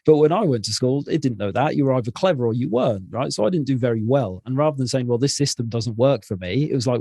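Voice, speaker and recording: Man, mid-pitched, blunt and candid, casual swearing, close dry mic. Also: lively intonation, quick pace, few pauses, darkish tone, slightly rough, no echo. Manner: frank, swears casually, storytelling. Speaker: podcast guest. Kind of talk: candid conversational interview.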